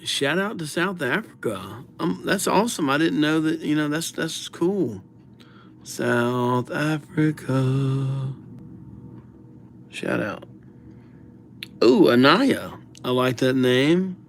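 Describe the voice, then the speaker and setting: A man's voice: on the high side, animated, vocal fry. A man hosting a live stream, chatting casually and reading viewers' names aloud, his voice drifting from the mic as he writes. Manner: slow, mumbled, drifting in and out of the mic while writing; easygoing, jokey, reads viewer names aloud. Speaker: livestream calligraphy host.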